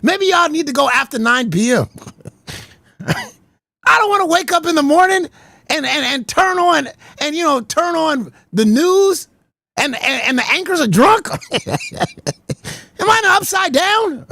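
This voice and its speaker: A man giving casual livestream commentary, animated, laughing often and stammering over repeated words. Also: extremely high pitch, unhurried, creaky, long pauses, no room sound, clean studio sound.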